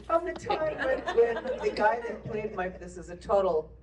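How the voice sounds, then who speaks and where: A woman's voice: mid-range voice, moderate pace, distant mic, a crowd in the background. A woman actor on a convention panel, telling behind-the-scenes stories and laughing as she goes. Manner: animated, laughing while telling anecdotes. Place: convention hall panel, heard from a distance.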